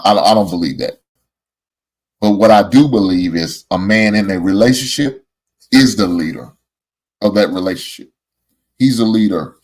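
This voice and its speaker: A man's voice: deep voice, poor audio. A middle-aged man hosting a casual debate chat, emphatic and preachy, repeating phrases for effect. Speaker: podcast host.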